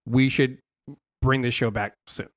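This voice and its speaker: A young adult man hosting a casual TV recap show, talking in a lively, rambling way full of fillers and restarts. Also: mid-range voice, unhurried. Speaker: podcast host.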